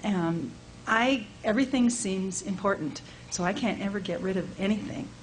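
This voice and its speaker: Woman participant, middle pitch, hesitant and thoughtful. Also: normal speed, a little hiss or hum, low-quality recording. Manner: hesitant, musing. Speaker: workshop participant. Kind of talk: audience question at a workshop.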